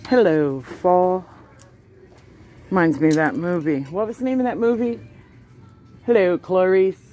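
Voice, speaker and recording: Filming on a handheld phone inside a large store, a woman keeps up casual running commentary for viewers as she shops, chuckling frequently. Her lowish, dark-toned voice has lively intonation at a normal speed, with a slight hiss or hum in the recording.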